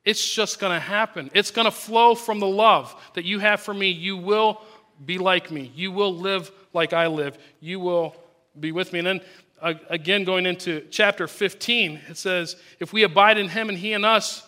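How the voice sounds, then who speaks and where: A male preacher with a high-pitched, bright, clear voice delivers a sermon. He reads scripture passages aloud and then explains them earnestly.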